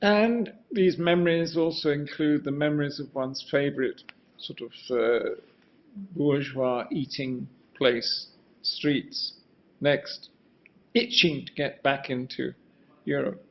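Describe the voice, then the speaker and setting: In a muffled lo-fi recording, an older man with a fairly high voice takes his time lecturing on architecture. His musing delivery rambles, with frequent sentence restarts and requests for the next slide.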